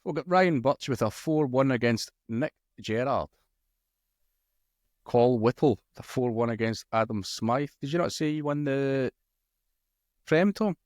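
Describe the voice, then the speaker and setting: A man's voice: medium pitch, a little slow, pauses often, no room sound, studio quality. A man co-hosting a casual darts podcast, chatting loosely and reading out match results between chuckles. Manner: relaxed, chuckles often, reads out match results. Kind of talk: casual chat.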